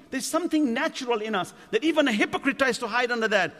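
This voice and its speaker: A man's voice: very high voice, animated, quick pace, a bit bright. A man delivering a sermon at a mosque gathering, asking the audience rhetorical questions. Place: community centre lecture hall. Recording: long hall reverb.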